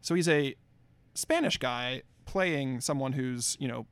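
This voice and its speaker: A man chats on a podcast in a gravelly voice, telling animated stories full of swearing and acted-out quotes. He is recorded close and dry, with no room sound. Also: mid-range voice, a little slow, dry recording. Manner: animated storyteller, swears a lot, acts out quotes. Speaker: podcast co-host. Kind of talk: casual chat.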